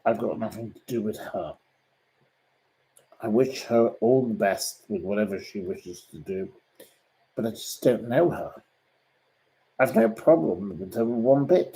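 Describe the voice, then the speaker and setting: Slow, mellow-voiced indignant man. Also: mid-range voice, poor audio. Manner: indignant, defensive, blunt. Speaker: host answering viewer questions. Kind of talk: casual live-stream chat.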